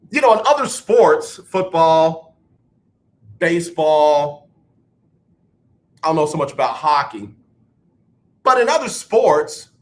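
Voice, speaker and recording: A man hosting a radio show, talking sports in an animated, rambling monologue and poking fun at his own slips. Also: high-pitched. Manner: animated, rambling, self-mocking.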